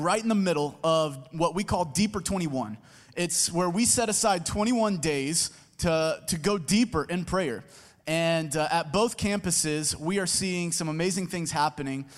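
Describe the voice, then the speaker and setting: A man, a campus pastor, rallies a church crowd with friendly welcomes and announcements, tired after little sleep. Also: on the high side. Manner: energetic, crowd-rallying, friendly with fillers. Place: large auditorium. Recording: long hall reverb.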